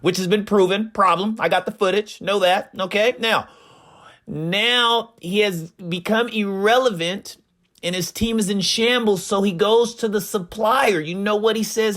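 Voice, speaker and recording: Man, gaming drama commentary, hyped, emphatic, slightly high voice. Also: unhurried, a bit bright. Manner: emphatic, repeats "right?" and "problem".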